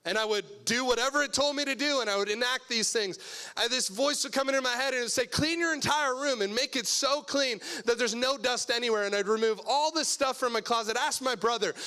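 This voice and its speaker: A young adult man preaching a sermon as pastor, telling a personal story earnestly and moving between hushed and loud passages. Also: extremely high pitch.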